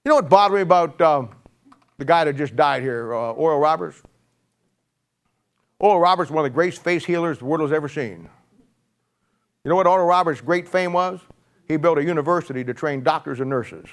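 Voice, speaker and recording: A man's voice: fairly high pitch, fairly quick, pauses often. A man in his sixties giving a conversational sermon, joking and rambling through stories with frequent restarts. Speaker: preacher.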